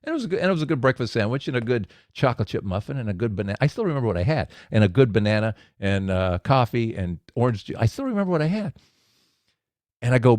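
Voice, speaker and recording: A man delivering a men's devotional message as a story, his pitch swinging widely as he acts out the scenes. The sound is dry and close, with no room echo. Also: fast. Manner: storytelling, animated with acted quotes.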